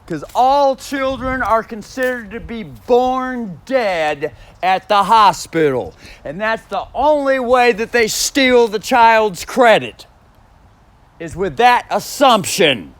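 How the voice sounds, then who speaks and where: Male, very high voice with a wide swing; slow, profane, emphatic solo monologue full of repeated phrases. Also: animated, no room sound. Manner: stresses single words, plays with inflection.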